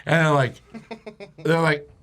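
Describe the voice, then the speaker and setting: A man with a gravelly, bright, edgy voice sitting just above the usual pitch, telling rowdy stories in loose podcast talk. He is animated and crude and keeps breaking into laughter as he goes. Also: unhurried. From rural area. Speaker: podcast guest or co-host. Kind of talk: casual storytelling.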